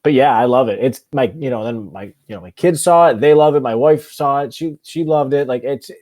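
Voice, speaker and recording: A man's voice: mid-range voice, fairly quick, darkish tone. A man in his thirties chatting on a podcast, enthusiastic and rambling with many fillers. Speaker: podcast co-host. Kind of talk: casual podcast chat.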